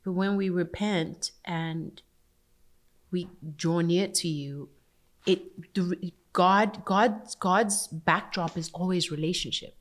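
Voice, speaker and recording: A woman's voice: on the low side, steady tone. A woman from Africa, a podcast guest, talking thoughtfully about her faith with easy laughs. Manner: slow, thoughtful, with warm laughs. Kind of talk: casual faith conversation.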